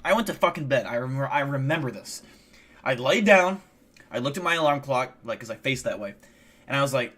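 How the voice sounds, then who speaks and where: Fast-talking, profane man telling stories. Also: medium pitch. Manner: profane, animated rambling storyteller. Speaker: stream co-host. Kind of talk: casual chat.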